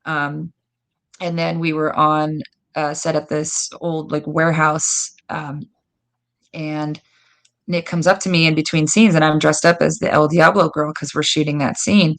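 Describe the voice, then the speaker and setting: A woman guest telling lively stories in a casual interview, acting out quoted dialogue. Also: deep voice, measured pace. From United States. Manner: animated, lots of "like" and quoted dialogue. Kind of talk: casual storytelling.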